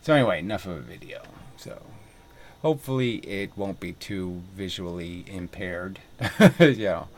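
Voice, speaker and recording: A man's voice: low-pitched, expressive, unhurried. Rambling, profane man vlogging. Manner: rambling, profane, laughing asides, many fillers. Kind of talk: rambling casual monologue. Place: outdoors, windy, by water. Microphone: camera mic.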